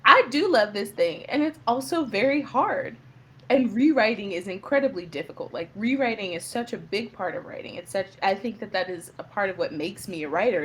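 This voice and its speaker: A young woman speaking as a guest playwright in a casual interview, telling stories with lively, animated delivery and frequent laughter. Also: slight background noise. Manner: animated storyteller, acts out quotes with big pitch jumps, laughs often.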